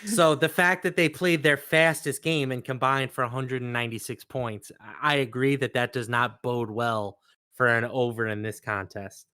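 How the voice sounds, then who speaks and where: A man working as a sports betting analyst, walking through trends and numbers in casual, measured talk. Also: medium pitch, steady tone, bright, forceful tone, clear, resonant tone, no echo, clean studio sound. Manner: measured, stat-driven explanations.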